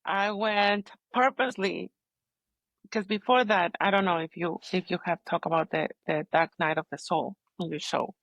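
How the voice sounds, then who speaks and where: A woman guest on a podcast, a holistic healer, telling her story in candid conversation, halting and searching for words but earnest. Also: fairly low pitch, fairly even intonation, a bit bright, dry recording.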